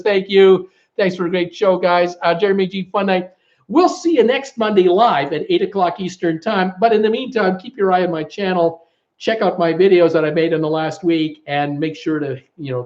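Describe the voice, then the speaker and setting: A man hosting a live-stream trivia chat who keeps breaking into laughter while reading viewer comments, his voice gone hoarse from laughing. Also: high-pitched, darkish tone, highs cut off. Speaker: host of a live cruise news and trivia stream.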